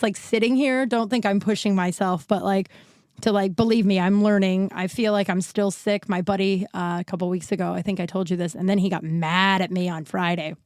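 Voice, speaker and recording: A woman's voice: medium pitch, a little mellow, dry recording. Casting note: candid woman in her thirties, still unwell and short of breath, chatty solo podcast with a dry, close sound. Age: 30s. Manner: rambling, frank, with many likes and restarts. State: recovering from illness, short of breath. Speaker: podcast host. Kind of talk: casual solo podcast monologue. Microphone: new podcast mic.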